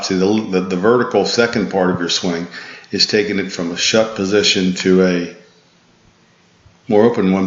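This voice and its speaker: A tired man with a low voice coaches a golf student through a swing analysis, patient and instructive and often restarting his sentences. The recording is echoey and dull, with a lo-fi edge. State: tired, yawning. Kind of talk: swing analysis voice-over lesson.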